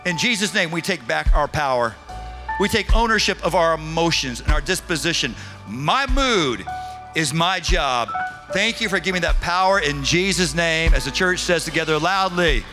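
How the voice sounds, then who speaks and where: A male pastor preaching a sermon, leading the congregation in call-and-response, then quiet and earnest in prayer. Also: on the high side, expressive, moderate pace, music in the background. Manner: drops to a quiet, intimate prayer tone.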